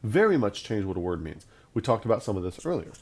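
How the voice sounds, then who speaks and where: A man's voice: fairly low pitch, very animated, quick pace, darkish tone. A man teaching a Bible lesson on video in an emphatic, conversational way, often repeating his points for stress.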